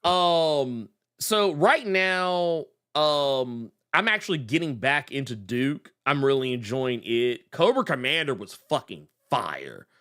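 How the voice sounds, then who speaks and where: A man co-hosting a casual comic book talk show, animated and swearing freely, with loud laughs between points. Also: mid-range voice, slow pace, few pauses. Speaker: podcast co-host.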